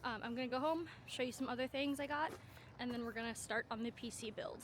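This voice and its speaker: A woman's voice: fairly high pitch, quick pace, a little hiss or hum. A young woman vlogging in a chatty, rambling way, full of filler words. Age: young adult. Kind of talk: casual vlog chat.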